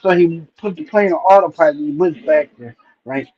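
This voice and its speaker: A middle-aged man with a slightly raised voice tells stories at a loose, wandering pace, often tossing in "right?" to keep listeners along. His stream audio sounds dull and lo-fi, with the top end muffled. The delivery is a relaxed, nostalgic chat. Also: fairly high pitch, a little fast, breathy edge. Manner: rambling retelling, frequent "right?" and "you know" check-ins. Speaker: stream host. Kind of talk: casual nostalgic storytelling. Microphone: streaming mic.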